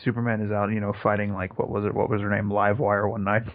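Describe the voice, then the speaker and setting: Laid-back low-voiced young man, lo-fi. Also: flat delivery, fast talker. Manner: laid-back, laughs often, talks in run-on riffs. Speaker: podcast co-host. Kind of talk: casual comedic chat. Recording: dull lo-fi recording.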